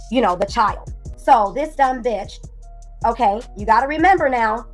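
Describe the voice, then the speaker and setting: A woman hosting a commentary stream, ranting angrily and with heavy profanity about another person. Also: high voice. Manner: angry, profane, rapid ranting. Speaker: commentary channel host. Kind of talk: heated livestream commentary. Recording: light background music.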